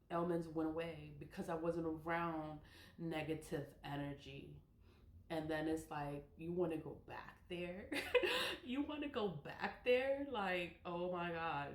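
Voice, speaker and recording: A woman in her forties talking casually and emphatically to camera, often breaking into laughter. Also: deep voice. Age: 40s. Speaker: spiritual vlogger. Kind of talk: casual monologue. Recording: echoey room.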